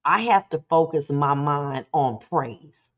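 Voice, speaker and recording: A woman hosting a motivational talk show, preaching in an animated, conversational way and slipping into quick voices to act things out. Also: low-pitched, muffled recording.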